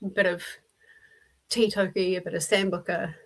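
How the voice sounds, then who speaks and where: A woman's voice: on the low side, level tone, moderate pace, rough recording. Chatty New Zealand woman hosting. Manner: chatty, laughing storyteller. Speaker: book club host. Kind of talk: casual chat.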